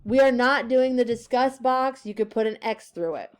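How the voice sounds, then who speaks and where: A woman teacher giving a classroom grammar lesson, slowly stressing key words and reading example sentences aloud. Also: on the high side, smooth.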